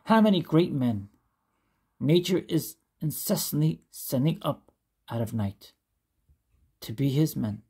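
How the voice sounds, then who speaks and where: A woman's voice: sits low, animated, measured pace, pauses often, warm tone, slightly rough. A woman reading a classic essay aloud, careful and stumbling now and then over hard names. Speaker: reader.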